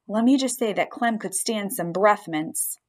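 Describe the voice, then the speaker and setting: A woman narrating a children's story aloud in the first person, with expressive storytelling. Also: mid-range voice, a little slow. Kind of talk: audiobook storytelling.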